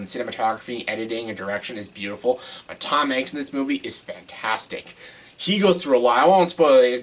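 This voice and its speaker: A man's voice: mid-range voice, a bit bright. A man giving casual, enthusiastic commentary on a movie countdown, chatty and sometimes swearing. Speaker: movie reviewer.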